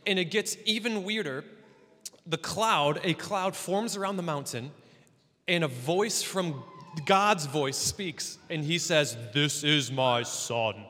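Pastor guy preaching loose and jokey, fairly high bright voice, big echoey church hall. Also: takes it slowly. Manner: conversational and playful, with joking asides. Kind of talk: casual sermon. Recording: long hall reverb.

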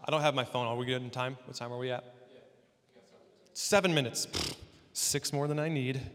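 A man preaching a sermon as pastor, conversational and animated with joking asides. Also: mid-range voice, normal speed, big-room sound.

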